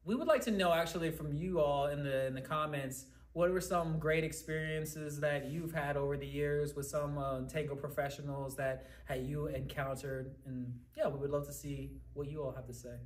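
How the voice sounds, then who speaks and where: A man's voice: on the high side, steady tone, normal speed, hardly any pauses. A man co-hosting a casual chat, telling stories eagerly and gushing about people he admires. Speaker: podcast co-host. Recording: roomy echo, faint background hum.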